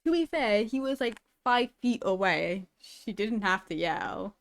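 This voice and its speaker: A woman's voice: mid-range voice, lively intonation, unhurried. A woman streaming a video game, chatting casually and giggling as she thinks aloud into a desk microphone. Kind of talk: casual gaming stream commentary.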